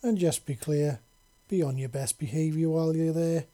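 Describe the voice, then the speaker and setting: A man's voice: a little high, moderate pace, warm tone, close to an everyday voice. A man reading aloud, voicing a fierce, teasing female feathered creature who purrs and gives orders in a raised voice. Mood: bossy. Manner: playful, sultry, bossy.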